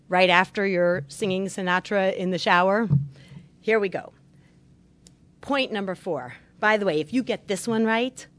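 A middle-aged woman, a marriage therapist, giving an earnest instructional talk on marriage with religious teaching and gently stressing her key points. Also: medium pitch.

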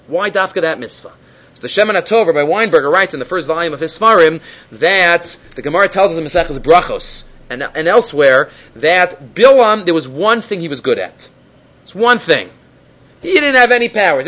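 A man's voice: sits high, a bit bright, poor audio. A man teaching a Torah lecture, mixing in Hebrew terms and rising and falling for emphasis.

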